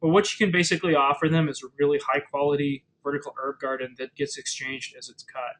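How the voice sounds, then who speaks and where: Man with a fairly high voice, presenting. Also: little pitch movement, fast, fairly bright tone, low-quality recording. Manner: conversational, many fillers and restarts. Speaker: webinar presenter. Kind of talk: casual explanatory webinar talk.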